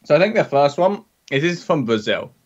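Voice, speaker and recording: A British man chats as a podcast co-host, with a dry, mock-serious way of explaining. His pitch moves a lot. The recording sounds dull and lo-fi. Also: big pitch swings, fairly quick. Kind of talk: casual chat.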